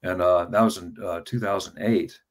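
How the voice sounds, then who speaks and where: Fifties male, lowish pitch, casual storyteller, stammers and repeats words. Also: steady tone, normal speed. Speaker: travel vlogger telling his story as an interview guest.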